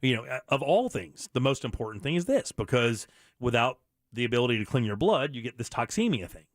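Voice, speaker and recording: This middle-aged man's mid-range voice is very animated and brisk as he hosts his radio show. His candid monologue comes across earnest and blunt, full of restarts, recorded at studio quality without echo.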